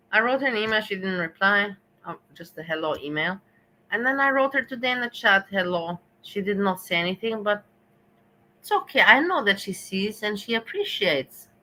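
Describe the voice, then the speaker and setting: A woman giving measured, reflective commentary on a stream, slightly disapproving. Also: medium pitch, bright, forceful tone, poor audio. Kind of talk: casual commentary.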